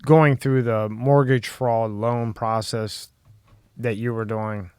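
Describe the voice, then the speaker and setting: A man hosts a relaxed interview, breaking in with short questions. His voice is smooth and clear at a middle pitch, and the recording is dry and close. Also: takes it slowly, no echo. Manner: brief interjections and follow-up questions. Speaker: interviewer, host. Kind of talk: casual interview.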